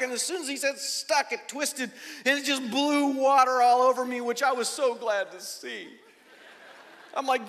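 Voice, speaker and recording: A middle-aged man preaching, telling a story with animated, dramatic energy. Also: very high voice, moderate pace. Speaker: pastor. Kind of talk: sermon storytelling. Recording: long reverb of a large hall.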